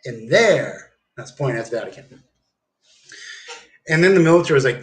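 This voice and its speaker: A man's voice: mid-range voice, lively intonation, normal speed. A man rambling and swearing through a meandering livestream monologue at home. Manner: rambling, profane, meandering with fillers.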